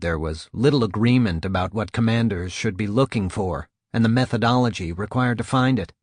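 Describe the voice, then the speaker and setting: A man narrating a nonfiction audiobook in a measured, even reading style. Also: mid-range voice, no echo, clean studio sound.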